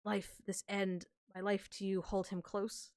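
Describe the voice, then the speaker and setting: A woman voicing a female assassin, intoning a dark prayer slowly and solemnly. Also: medium pitch, level tone, dry recording, clean studio sound, close to an everyday voice. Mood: solemn chant.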